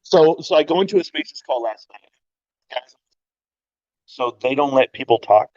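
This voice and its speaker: A man's voice: medium pitch, lively intonation, normal speed, darkish tone, dry recording, muffled recording. Opinionated ranting man on a livestream. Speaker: livestream co-host. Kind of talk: casual chat.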